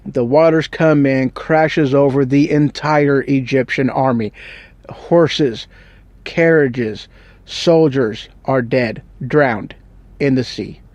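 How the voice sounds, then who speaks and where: A man's voice: medium pitch, takes it slowly, darkish tone, no echo, lo-fi sound. A man telling a Bible story in a casual, rambling, joking way with slang. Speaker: Bible teacher.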